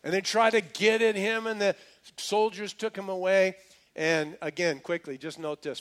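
A man's voice: high voice, fairly even intonation, normal speed, fairly bright tone. A man preaching a sermon, retelling a story casually with slang and repeated restarts. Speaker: pastor.

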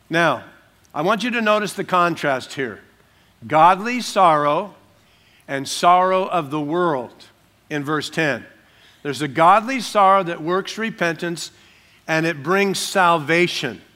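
A man preaching a sermon, reading scripture slowly and then explaining it in plain everyday words. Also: on the high side, sharp tone. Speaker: pastor.

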